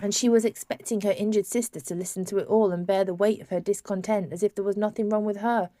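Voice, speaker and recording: A woman narrates a novel in a measured, even storytelling manner, at a middle pitch. Her voice is close and dry, with no room sound. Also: dry recording. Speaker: audiobook narrator. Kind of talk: scripted narration.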